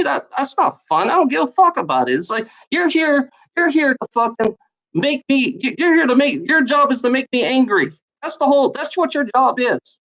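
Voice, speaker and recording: A man's voice: high voice, a bit bright, poor audio. Guy angrily ranting at trolls, swears nonstop, trips over his words, voice jumps all over. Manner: profane, repetitive, stammering restarts. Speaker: video maker. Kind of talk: angry rant to the camera.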